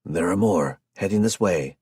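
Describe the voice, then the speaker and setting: Un hombre que interpreta a un explorador que trae malas noticias con voz alta y apremiante. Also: male voice, deep voice, lively intonation, moderate pace, darkish tone, slightly rough, dry recording, clean studio sound, heavily acted. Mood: urgent. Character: urgent male scout bringing bad news.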